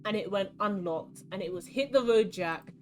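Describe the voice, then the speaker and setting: A woman's voice: medium pitch, normal speed, faint music behind. A young woman from London with a London accent, chatting and rambling as she plays a card game on stream. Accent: London English. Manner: chatty, rambling, animated storytelling. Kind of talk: casual chat while playing a card game.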